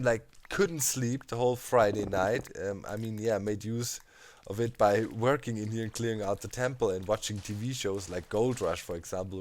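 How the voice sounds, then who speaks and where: Animated gamer man. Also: fairly low pitch. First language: German. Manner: animated, laughing, heavy on fillers like "you know, man". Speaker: let's play host. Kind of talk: casual storytelling over gameplay.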